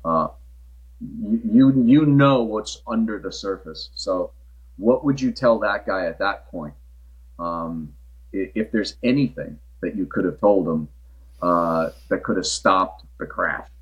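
A man hosting an interview, asking gentle, halting questions. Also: low voice, lively intonation, slightly rough, muffled recording. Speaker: podcast host.

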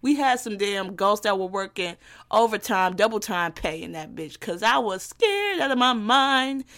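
A young woman from Gary, Indiana, hosting her own podcast in a brash, profane, teasing comedic monologue. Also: mid-range voice. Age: young adult. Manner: brash, profane and animated, quick to tease. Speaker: podcast host.

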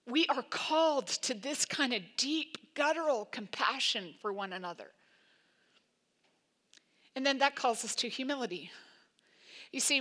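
A woman pastor preaching a sermon in an emphatic, conversational way, full of "like" and quick asides. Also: a little high, bright, forceful tone.

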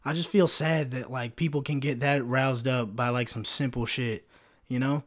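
A man's voice: medium pitch, steady tone, moderate pace. Young man ranting, profane and rambling. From Kentucky, USA. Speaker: podcast host. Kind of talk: casual solo rant. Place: bedroom. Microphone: desk microphone.

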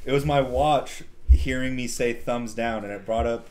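A joking, animated man co-hosting a casual podcast. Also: mid-range voice, moderate pace. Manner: animated, joking, swears freely. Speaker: podcast co-host. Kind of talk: casual chat.

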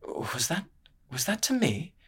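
A man's voice: mid-range voice, expressive, moderate pace, a bit bright. A man doing a genial courtly knight.

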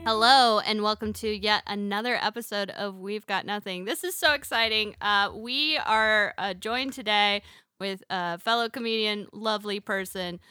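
A woman's voice: mid-range voice, moderate pace, bright, forceful tone, clear, resonant tone, no echo, clean studio sound. A woman hosting a casual comedy podcast, giggly and a bit scattered. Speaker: podcast host. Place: studio.

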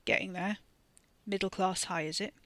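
A man's voice: sits high, steady tone, moderate pace, bright, forceful tone, dry recording. A woman voicing a young man who is brash, jokey and swears freely. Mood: brash joking.

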